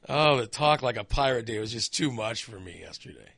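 A man's voice: mid-range voice, expressive, fairly quick, vocal fry, hardly any pauses, a bit bright, dry recording. A man hosting a talk show, delivering an opinionated monologue in a ranting, sarcastic, exasperated way into a studio microphone.

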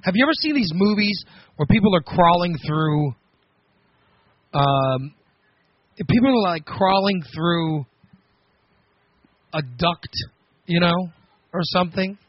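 Raspy guy on the radio cracking himself up telling a story, kinda high voice, dry dull sound. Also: slow pace, long pauses, dry recording. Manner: animated, laughing, self-mocking storyteller. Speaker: radio host. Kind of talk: casual on-air storytelling.

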